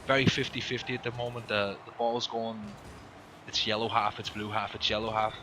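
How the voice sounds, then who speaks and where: Casual Irish co-caster, low voice, chatty, audible noise behind. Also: male voice, little pitch movement, brisk, sharp tone, low-quality recording. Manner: chatty, says "you know" and "mate". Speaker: esports commentator. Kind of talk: casual game commentary.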